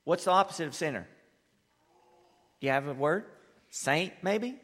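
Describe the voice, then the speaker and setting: A male pastor preaching with a lively, swooping delivery and a bright, forceful tone. He pushes key lines up hard, then drops into hushed asides. The sound rings with a long reverb, as if heard in a large church hall. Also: on the high side, moderate pace. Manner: emphatic preaching that swings between loud, rising bursts and quiet asides. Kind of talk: sermon.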